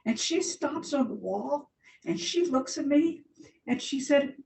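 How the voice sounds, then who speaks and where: An older woman with a gravelly, slightly mellow voice and lively intonation speaks at a measured pace as a church guest speaker. She chats informally about her slides and laughs a lot. Her voice echoes through the large hall, captured by a distant mic with a faint rumble.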